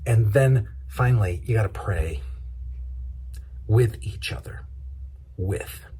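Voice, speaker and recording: A man's voice: fairly low pitch, slow pace, warm tone, slightly rough. A man pastor giving a conversational, practical sermon, acting out everyday examples as he teaches.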